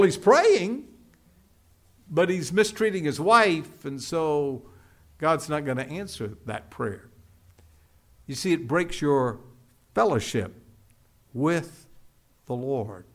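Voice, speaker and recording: A man delivering an expository sermon in a slightly high, very animated voice. He takes his time and leans on repetition, then drops quiet to land each point. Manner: emphatic, expository preaching with dramatic pauses and drops in volume. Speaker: pastor.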